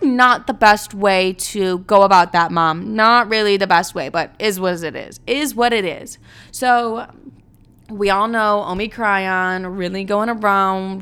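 Dramatic young woman with a smooth voice. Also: mid-range voice, fairly bright tone. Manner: dramatic, swears often, heavy use of "like". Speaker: storyteller. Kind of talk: comedic storytime monologue.

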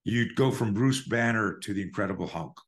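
A middle-aged man with a lowish voice, talking as a podcast guest over a remote call. He explains self-defense ideas in a lively, profane way. He jumps into acted-out scenes as he goes. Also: moderate pace. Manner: animated and profane, acts out scenarios. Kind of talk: conversational podcast interview.

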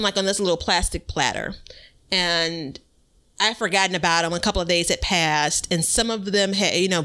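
Chatty woman with a bright, smooth voice. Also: fairly low pitch. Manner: chatty, rambling, laughs often. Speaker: podcast co-host. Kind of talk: casual storytelling chat.

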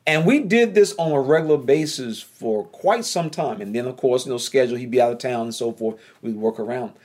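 Southern man, casual storyteller, animated, repeats himself, mid-pitched. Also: a little fast. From North Carolina. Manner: animated, repeats phrases, voice jumps up when excited.

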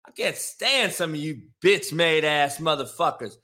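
A man hosts his own live stream in a fairly high, bright voice. He rambles casually between fillers and turns into profane, confrontational rants at commenters. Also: measured pace. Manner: profane, confrontational ranting at chat. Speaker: live show host.

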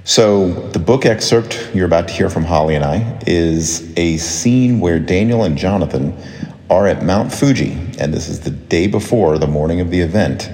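Deep-voiced male author, upbeat and conversational, with animated delivery. Reverberant. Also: normal speed. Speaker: children's author and songwriter. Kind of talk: introducing and reading his book.

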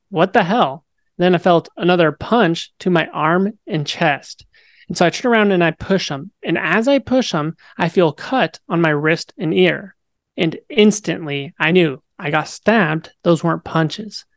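A young man tells his own story in a relaxed, chatty way, leaning on filler words and getting animated as he goes. There is a mild flavor to his speech. The voice sits close and dry, with no room sound around it. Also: sits high, unhurried, dry recording. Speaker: guest. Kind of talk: personal story in a podcast interview.

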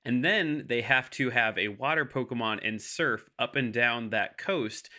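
Man, comedy podcast panelist; bright, punchy voice, escalating hype. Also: medium pitch, unhurried. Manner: escalating, over-the-top hype. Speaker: podcast panelist pitching a game. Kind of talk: comedic improv pitch.

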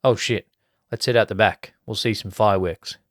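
A man voicing a cheeky young male mate at a party, loud and joking. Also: on the low side, fairly even intonation, moderate pace, no echo, clean studio sound, close to an everyday voice. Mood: rowdy.

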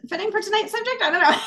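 A woman's voice: very high voice, animated, brisk, soft background music. A middle-aged woman co-hosting a casual podcast over a video call, a little tired, chatting with laughs and many fillers. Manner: warm, laughing, rambling with fillers. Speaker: podcast co-host. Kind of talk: casual chat over beer.

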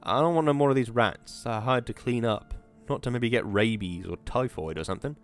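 A man's voice: medium pitch, brisk, soft background music, natural voice. A man doing a sullen young laborer. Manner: mutinous, grumbling.

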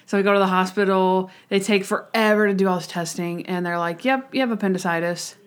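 A young woman co-hosting a podcast, chatting casually with a giggly, animated storytelling manner. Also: medium pitch, a little fast, smooth. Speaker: podcast co-host. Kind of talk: casual chat, storytelling and episode review.

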